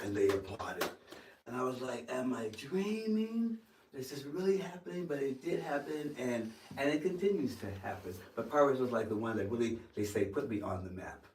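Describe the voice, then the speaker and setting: Deep-voiced man telling a story. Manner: animated storyteller, acts out quoted lines, some stammering restarts. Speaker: actor, interview guest. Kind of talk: storytelling interview. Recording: roomy sound from a distance.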